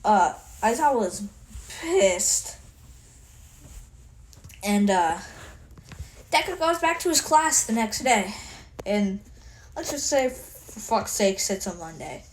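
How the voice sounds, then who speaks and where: Slow, rambling woman telling a fan story. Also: mid-range voice, big pitch swings. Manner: rambling, swears a lot, self-mocking. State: tired. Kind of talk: casual fan story retelling.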